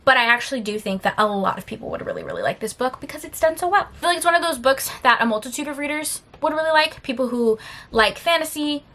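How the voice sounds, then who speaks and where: A young adult woman chats casually as a book vlogger, tired yet animated, telling stories with sassy, emphatic asides. Her voice sits high and she talks fast.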